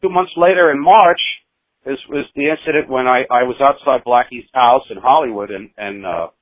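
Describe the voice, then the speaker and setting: A man's voice: medium pitch, fairly quick, no echo. A man in his sixties, a musician being interviewed, telling long rambling stories with many restarts. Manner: rambling anecdotes with frequent restarts and acted quotes. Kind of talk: casual storytelling. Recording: tinny phone-like audio, dry.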